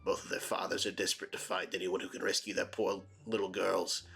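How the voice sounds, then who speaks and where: A man doing a grave, low-voiced gossiping townsman. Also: level tone, brisk, gravelly, a bit bright.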